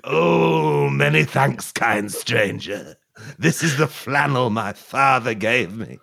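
A man's voice: medium pitch, animated, takes it slowly, vocal fry, a bit bright, full character voice. A man voicing a parched, self-pitying man who begs for water in mournful, theatrical, mock-archaic speech, improvised for comedy. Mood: woeful, pleading. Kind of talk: comedic improvised voice acting on a podcast.

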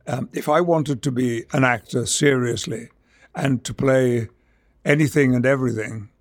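This guest is an older English actor from Yorkshire, his gravelly voice medium in pitch and shaped by trained stage speech. He converses in a measured, theatrical interview style and performs dramatic verse readings.

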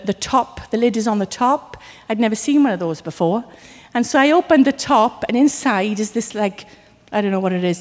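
Preaching woman in a reverberant hall. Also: on the high side. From Wales. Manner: animated storytelling with acted asides. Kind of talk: sermon.

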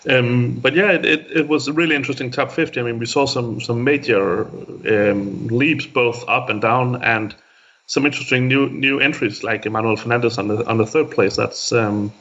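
A man's voice: medium pitch, moderate pace, fairly bright tone, highs cut off. A man, an editor on a football podcast, talking casually and often repeating words as he goes. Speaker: website editor, podcast guest.

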